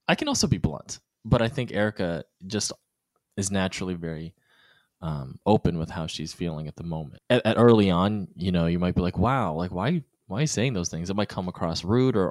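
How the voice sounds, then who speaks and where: Married male guest, deep voice, candid and animated. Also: no echo, studio quality. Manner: animated, acts out quoted voices. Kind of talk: candid conversational talk.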